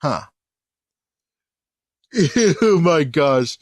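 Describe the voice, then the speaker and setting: A man's voice: medium pitch, a little slow, pauses often, no room sound, clean studio sound. A man giving casual, rambling commentary on an anime episode, often correcting himself mid-sentence. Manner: rambling, animated, self-correcting.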